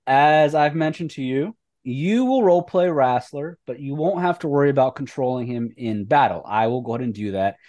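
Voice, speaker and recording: A man narrating as game master for a tabletop role-playing session, casual and relaxed with loose fillers. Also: mid-range voice, a little fast, no echo.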